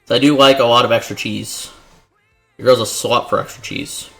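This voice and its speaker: A chatty man streams from his home kitchen, joking and swearing freely as he cooks. His voice is bright and forward, at an ordinary middle pitch. Soft music plays faintly behind him. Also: steady tone, moderate pace, creaky. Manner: chatty, profane and playful, talking to chat. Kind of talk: casual cooking livestream chat.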